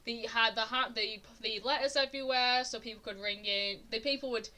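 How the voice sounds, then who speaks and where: On a live stream, a young woman recounts a true-crime story in a chatty, casual way with a bright, somewhat high, steady voice at a fairly quick pace. She gets indignant, keeps restarting sentences, and her emphasis rises.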